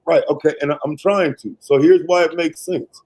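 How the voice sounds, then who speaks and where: A man hosting a live stream debate, laid-back and slangy, using lots of fillers while trying to calm things down. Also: a little high, normal speed, low-quality recording. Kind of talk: casual debate moderating.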